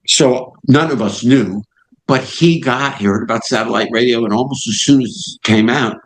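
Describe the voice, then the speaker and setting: A man's voice: medium pitch, normal speed, a little hiss or hum, low-quality recording. An older man, a radio host being interviewed, telling an anecdote and acting out the people in it. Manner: lively storyteller who acts out the voices in his anecdotes. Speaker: satellite radio host, guest.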